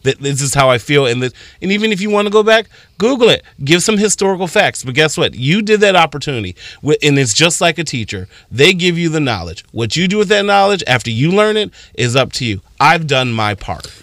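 A man's voice: fairly high pitch, very animated, brisk, few pauses, a bit bright, dry recording. A man co-hosting a radio show in casual chat, talking in an impassioned, rambling way full of restarts. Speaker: radio co-host.

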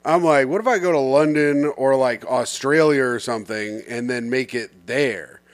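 A man's voice: medium pitch, normal speed. A young man co-hosting a podcast, joking and rambling, sometimes searching for words, in casual chat. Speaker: podcast co-host.

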